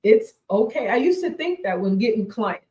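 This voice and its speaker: On the high side with a sing-song lilt and a dark tone, this forties-aged woman hosts a faith-based radio talk show at a moderate pace. Emphatic and quick to laugh, she keeps repeating her key points, and the sound is roomy and echoey.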